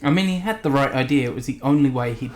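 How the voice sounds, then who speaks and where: A man hosting a gaming channel, giving relaxed, chatty commentary on a computer strategy match. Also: mid-range voice, fast talker. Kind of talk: casual game commentary. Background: game music.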